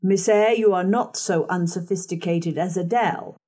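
A woman doing a gruff, impatient gentleman. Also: lowish voice, normal speed, lightly acted. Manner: curt, impatient, formal. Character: brusque gruff gentleman, moody master of the house.

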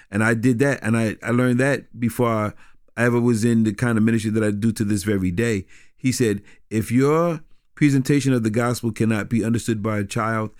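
A pastor, a man, talks through his memories in a relaxed interview. His speech halts and circles back on itself, with frequent laughter. The sound is dry and close, with no room echo. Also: on the low side. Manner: halting, repeats words, laughs often. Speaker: pastor and guest. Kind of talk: casual conversational interview.

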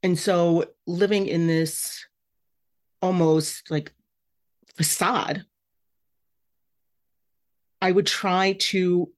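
A woman hosting her own podcast, talking candidly and emotionally about her feelings. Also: fairly low pitch. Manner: candid, emotional, self-reflective. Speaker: podcast host. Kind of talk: personal podcast monologue.

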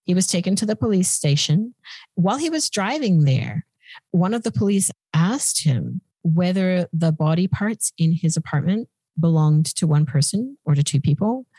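A woman's voice: on the low side, expressive, normal speed, dark tone, slightly rough, no room sound. A woman hosting a podcast, casually telling a true-crime story in a chatty, blunt way. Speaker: podcast host.

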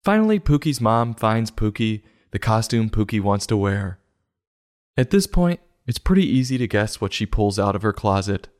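A man hosting a comic book review show, delivering mock-serious, sarcastic commentary in a deadpan way. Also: fairly low pitch, moderate pace. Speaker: host.

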